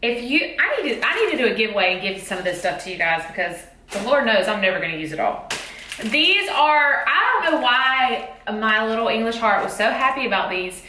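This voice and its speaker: Bubbly teacher lady, bright voice, kinda high, echoey room. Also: big pitch swings, fairly quick, a little hiss or hum. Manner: bubbly, chatty, exclamatory. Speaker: teacher vlogger. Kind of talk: casual haul vlog.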